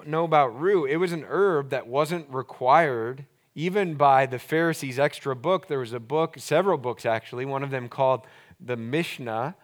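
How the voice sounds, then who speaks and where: A man preaching a sermon as pastor, earnest and explanatory, slowing down to stress key words and dropping his voice low for emphasis.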